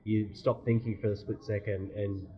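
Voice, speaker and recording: A man hosting a casual chat, laid-back, with quick reactions. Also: on the low side, level tone. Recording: dull lo-fi audio.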